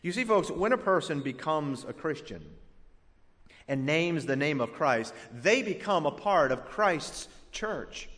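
A male pastor preaching a sermon, punching some words and letting others drop to a hush. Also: a little high, expressive, long reverb tail. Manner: emphatic preaching that swings between loud punches and hushed, drawn-out words.

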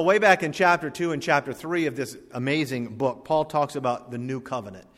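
A pastor preaches with emphatic swells, then drawls out scripture slowly. His fairly high voice rings through a church with a long, hanging echo. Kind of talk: sermon. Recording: long hall reverb.

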